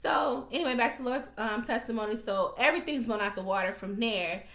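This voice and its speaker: A woman with a slightly high voice rants through a TV episode recap. She talks straight to her viewers, blunt and profane, with plenty of animated asides. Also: fairly quick, reverberant. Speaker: TV recap vlogger. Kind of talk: casual profane recap rant.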